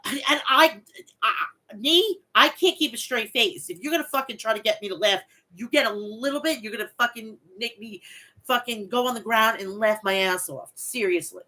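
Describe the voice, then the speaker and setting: A woman hosting a wrestling recap podcast, recapping matches and breaking into profane, animated rants. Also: a little high, normal speed. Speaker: podcast host.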